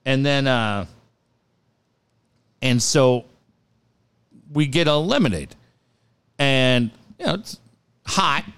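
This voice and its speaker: This middle-aged radio host speaks at medium pitch with a clean tone, going slowly and leaving long pauses. He's an animated, profane storyteller who performs the quotes in a relaxed on-air chat.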